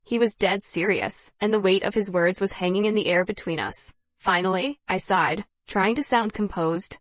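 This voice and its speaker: A woman narrating a dramatized first-person story in an even, measured reading voice. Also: medium pitch.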